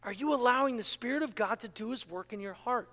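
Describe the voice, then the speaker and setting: A man delivers an impassioned sermon in a strikingly high voice. His tone is bright and forceful, and it rings out with a long reverb as if in a large church hall. He leans on rhetorical questions and pokes fun at himself. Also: fast talker. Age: adult, married. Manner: self-mocking humor with laughter. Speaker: pastor.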